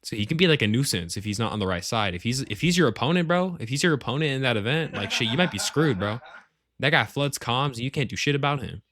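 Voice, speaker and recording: Medium in pitch, expressive and quick, this man's voice comes with crowd noise in the background. As leader of a gaming clan, he's at home, a place shared with family, giving casual, rambling tier-list commentary on his group's members, full of slang and cursing.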